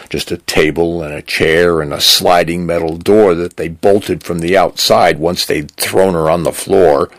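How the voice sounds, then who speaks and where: A man with a gravelly voice reading a story aloud in measured narration. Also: low voice, no echo. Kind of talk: scripted narration.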